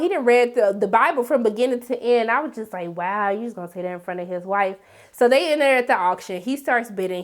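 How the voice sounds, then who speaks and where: Woman, show recap host, sassy, dramatic, slightly high voice, keeps saying okay. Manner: sassy, dramatic, talks straight to viewers with repeated "okay?". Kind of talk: animated solo recap.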